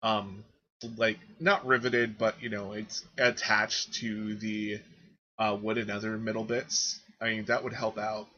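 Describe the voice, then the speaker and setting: Male game master, husky and bright, dull lo-fi mic, relaxed halting delivery. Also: lowish voice. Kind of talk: running a tabletop game.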